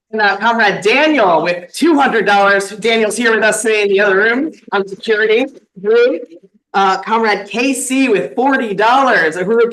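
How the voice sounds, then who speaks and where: A man with a high voice hosts a conference segment, calling out donors one after another. He keeps it upbeat, saluting each name with a faint hiss of noise behind him. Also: a bit bright, low-quality recording. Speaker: conference emcee. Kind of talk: reading out donor names at a conference.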